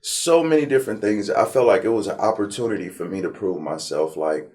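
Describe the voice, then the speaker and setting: A man from Compton, telling his life story in a relaxed, slangy interview. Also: fairly low pitch, brisk. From Compton, California. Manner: animated storyteller, slangy, acts out his past self. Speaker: interview guest.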